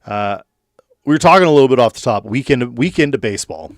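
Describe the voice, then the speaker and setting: A man's voice: medium pitch, animated, fast talker, dry recording, studio quality. A man co-hosting a sports show, chatting casually and jokingly with lots of fillers. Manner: loose, joking, filler-heavy.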